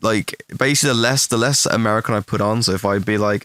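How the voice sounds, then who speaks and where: A young English man answering chat questions on a stream in casual, rambling talk, swearing freely and putting himself down, with a fairly deep voice. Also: quick pace, a bit bright, dry recording. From England. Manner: rambling, swears a lot, self-deprecating.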